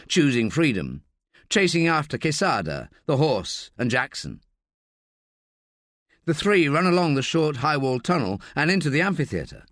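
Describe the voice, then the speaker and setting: A man's voice: medium pitch, no room sound, studio quality. A man narrating a tense thriller audiobook in a dramatic reading style. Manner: dramatic, voices shouted dialogue.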